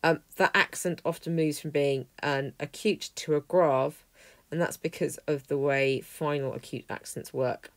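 A woman teaching a language lesson, explaining clearly and methodically, working through a text word by word. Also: sits low, fairly even intonation, a little slow, no room sound. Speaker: Greek teacher. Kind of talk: lesson walkthrough.

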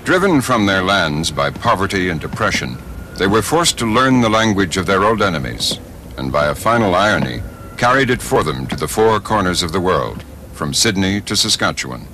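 A man narrating a documentary in a measured, solemn storytelling manner. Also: deep voice, big pitch swings, pushed and bright, slight background noise. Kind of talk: scripted narration.

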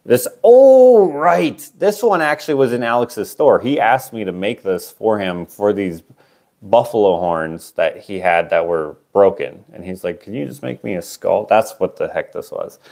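A man's voice: on the low side, lively intonation, a little slow, vocal fry, warm tone. A man casually auctioning his own handmade sculptures on a livestream, rambling and self-deprecating, trailing off with fillers.

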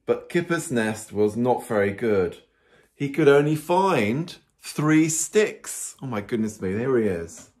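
A man's voice: medium pitch, slow pace. A man, a priest reading a story to small children and getting them to count along. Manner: animated, asks the children questions and counts along.

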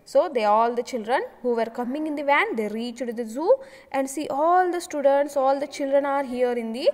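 A woman teacher, giving a lesson to young children. She explains slowly, repeats herself and keeps asking the children questions. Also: sits high, a little mellow. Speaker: schoolteacher. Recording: long hall reverb.

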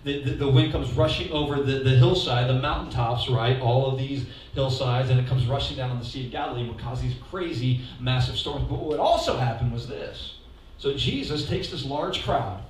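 Lively preacher in an echoey hall. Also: male voice, medium pitch, moderate pace, a little hiss or hum. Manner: animated, leads call-and-response, asks the congregation to repeat lines. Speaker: pastor. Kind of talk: lively sermon. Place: church hall. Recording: echoey hall, mic heard from a distance.

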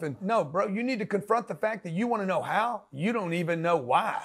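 A man's voice: high-pitched, expressive, brisk, hardly any pauses, breathy edge. A man giving a blunt, slangy motivational talk as a business coach, pushing the listener hard.

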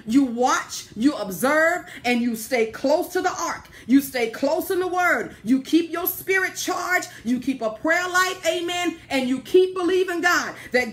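High-voiced woman preaching a sermon. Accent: Southern American. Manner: animated preaching with laughter and acted-out prayers. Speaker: pastor. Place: church sanctuary.

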